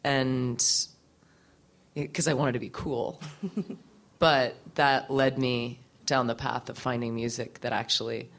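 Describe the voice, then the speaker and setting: Speaking slowly in an extremely low pitch, a female musician tells an interviewer a frank tale from when she was a teen. Her delivery is lively, with many laughs, easy swearing and plenty of filler words.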